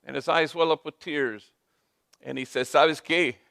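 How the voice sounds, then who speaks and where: Brief: male priest telling stories on stage, lively, drops Spanish phrases, dry close sound. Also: medium pitch, normal speed, gravelly, no echo. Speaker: priest and speaker. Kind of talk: storytelling talk.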